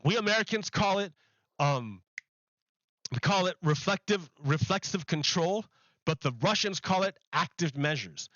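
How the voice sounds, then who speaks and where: Host: high bright male voice, profane sarcastic ranting, dull dry mic. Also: lively intonation, normal speed, no echo. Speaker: streamer host. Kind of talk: ranting commentary over clips.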